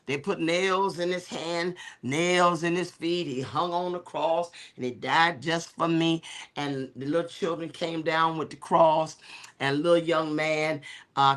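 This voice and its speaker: A middle-aged woman, a bishop serving as co-host, tells stories during a talk show discussion. Her delivery is animated and preacherly, full of fillers, and her voice sits low.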